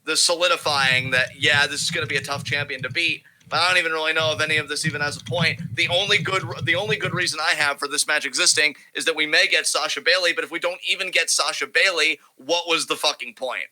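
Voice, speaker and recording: A man's voice: fairly high pitch, fairly even intonation, quick pace, few pauses, sharp tone, a little hiss or hum, rough recording. A man co-hosting a casual wrestling podcast, talking in a profane, rambling, emphatic way. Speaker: podcast co-host.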